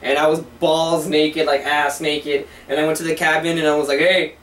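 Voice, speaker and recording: A man's voice: a little high, moderate pace. A man in his twenties telling rambling, profane stories in casual chat with a friend. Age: 20s. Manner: rambling, profane, animated retelling. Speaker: co-host. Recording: echoey room from far off, faint hiss.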